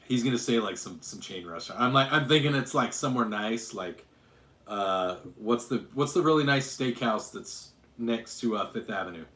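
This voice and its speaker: A man's voice: medium pitch, moderate pace, fairly bright tone, reverberant. Rambling, joking male stream host. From Utah. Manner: rambling, self-correcting, joking. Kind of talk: casual livestream chat and Q&A.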